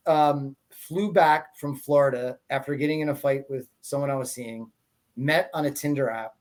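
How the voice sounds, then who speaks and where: A man's voice: on the high side, a little mellow. A man hosting a podcast, telling stories in a rambling, casual way, restarting his sentences and laughing as he talks. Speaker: podcast host. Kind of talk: casual conversational storytelling.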